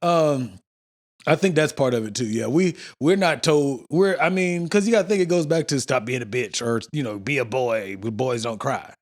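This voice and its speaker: A man's voice: mid-range voice, moderate pace. A man co-hosting a casual podcast chat, teasing and laughing often. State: drinking beer. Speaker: podcast co-host.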